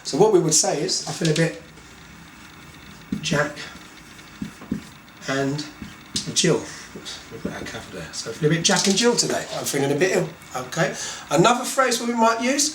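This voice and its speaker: Very animated and fairly high-voiced, this English teacher with a Cockney London accent walks through slang in a casual lesson. He talks slowly and deliberately, keeps saying "okay" to check in, and the echoey room carries background noise.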